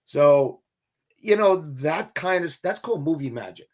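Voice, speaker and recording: Animated, storytelling male actor. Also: a little high, measured pace. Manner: animated, acts out quoted voices, swears casually. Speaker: actor guest. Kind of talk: casual interview storytelling.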